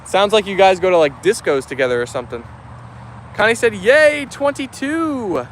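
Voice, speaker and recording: A man hosts a dog channel livestream outdoors with his dogs, reading viewer comments aloud in a casual, friendly way. His voice is high-pitched, expressive and fast, with a little hiss or hum in the audio.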